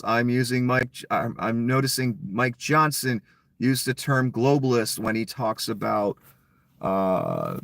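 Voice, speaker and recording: A man's voice: mid-range voice, fairly bright tone, no echo. Blunt, profane man ranting. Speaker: political commentator. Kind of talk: ranting solo commentary.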